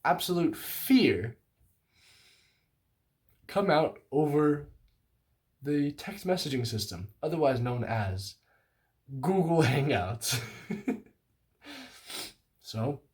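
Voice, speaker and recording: A man's voice: a little high, lively intonation, slow pace, long pauses. A young man in his late teens or twenties telling a story, casual and self-mocking, with many fillers and some playful exaggeration. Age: young adult. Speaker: vlogger.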